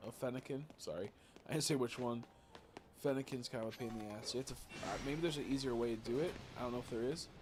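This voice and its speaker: Speaking quickly in a mid-range voice against a noisy background with game music, a young man streams a game. He sounds tired, curses, and talks to his chat in casual commentary.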